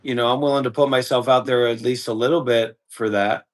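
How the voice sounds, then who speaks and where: A man who streams live, talking in a casual, halting way with restarts, sounding tired. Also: mid-range voice, fairly even intonation. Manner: rambling, halting, repeats words. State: tired, yawning. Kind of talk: casual chat.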